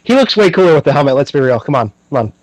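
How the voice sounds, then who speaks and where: A man's voice: mid-range voice, lively intonation, rapid-fire, no room sound, rough recording. A young man hosting a podcast, chatting casually and animatedly, with lots of fillers and frequent laughter. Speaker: podcast host.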